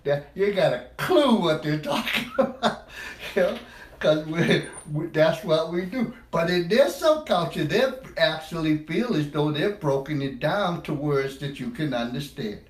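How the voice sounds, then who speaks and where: A man from the United States speaks in an informal, meandering monologue, often restarting phrases and laughing at his own words. His voice sits slightly high for a man. The room around him is echoey. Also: animated, unhurried. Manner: rambling, repeats words, laughs at himself. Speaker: speaker on language.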